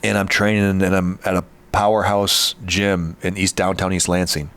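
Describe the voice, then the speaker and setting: A man's voice: low voice, little pitch movement, moderate pace, fairly bright tone. A man from Michigan, hosting a podcast, telling a personal story in an earnest, rambling way with frequent restarts. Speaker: podcast host. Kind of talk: casual storytelling chat.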